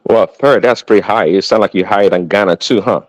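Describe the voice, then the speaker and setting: A man speaking as a guest in a casual discussion, relaxed and hesitant, with many fillers. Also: fairly low pitch, brisk, no room sound, rough recording. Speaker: panel guest.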